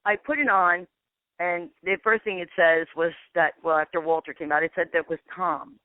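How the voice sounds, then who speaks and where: A woman's voice: fairly low pitch, normal speed, dry recording. A woman who is a paranormal investigator, telling a long story in a phone interview and acting out the dialogue. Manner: rambling, acts out dialogue with "I'm like". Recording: tinny dry phone line.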